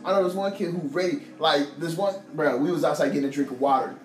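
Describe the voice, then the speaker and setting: A young man from Ohio co-hosting a podcast, telling stories in a loud, profane, animated way and laughing often. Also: on the high side, fast. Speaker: podcast co-host. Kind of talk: casual chat. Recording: echoey room with music behind.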